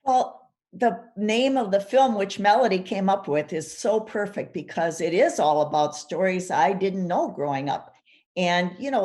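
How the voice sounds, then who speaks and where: A woman's voice: on the low side, darkish tone. A woman from Minnesota, speaking on a panel, reflectively telling the story of how her family history became a film. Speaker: documentary subject. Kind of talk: panel discussion.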